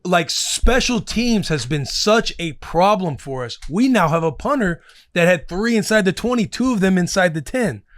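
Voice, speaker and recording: Excitable man, dry close sound. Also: high-pitched, moderate pace, no echo. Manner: excitable, swearing sports fan talk. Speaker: podcast co-host. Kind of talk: casual chat.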